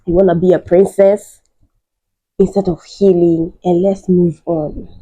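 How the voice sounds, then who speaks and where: Woman podcast host, opinionated and teasing; low, slow, mellow voice. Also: breathy edge, muffled recording. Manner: animated, mocking, laughs often. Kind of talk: storytelling and opinionated commentary.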